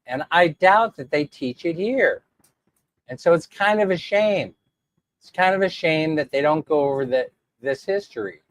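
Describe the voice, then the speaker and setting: A man's voice: on the high side, expressive, moderate pace. A man rambling in a casual livestream chat, laughing often as he answers viewers. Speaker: vlogger reading live chat.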